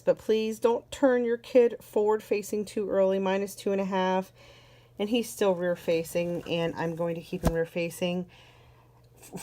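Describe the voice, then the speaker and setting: A woman with a medium-pitched, darkish voice reviews a car seat from a parent's point of view. Her walkthrough is chatty, casual, and enthusiastic, with words repeated for emphasis.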